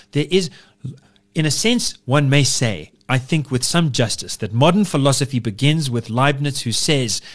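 A man co-hosting a casual political podcast, talking discursively and philosophically in long winding sentences. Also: mid-range voice. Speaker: podcast co-host.

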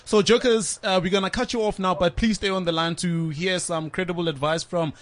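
A man hosting a radio show, chatty and energetic as he counts callers down and cuts them off. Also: sits high, brisk.

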